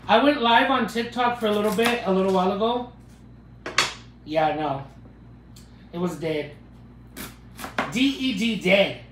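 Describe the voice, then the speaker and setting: A man's voice: high voice, animated, unhurried, pauses often, echoey room, noisy background. A man hosting a live cooking stream, chatting with viewers in a joking, playful way as he cooks in a home kitchen. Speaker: cooking livestream host. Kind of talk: casual live cooking chat.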